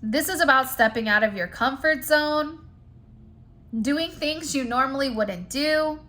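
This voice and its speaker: A woman's voice: high voice, sharp tone. A woman who reads cards for spiritual guidance. She talks straight to her viewers in a chatty, emphatic way and keeps dropping in "like" and "you know.". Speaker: spiritual card reader. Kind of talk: direct-to-camera spiritual reading.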